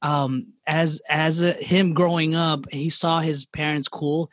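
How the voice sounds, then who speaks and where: A man co-hosting a casual podcast in a slightly high voice, recorded dry and close. He jokes and teases, playing dumb for laughs. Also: steady tone, slow pace, no room sound. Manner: joking, teasing, playfully mock-clueless. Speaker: podcast co-host; father of young kids. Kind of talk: casual chat.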